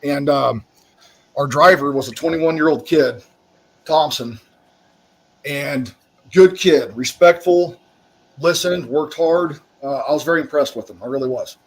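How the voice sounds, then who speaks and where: A man, a military veteran and podcast co-host, telling army stories in casual chat, swearing constantly and loudly mimicking officers. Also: fairly high pitch, measured pace, pauses often, low-quality recording. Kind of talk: casual profane storytelling.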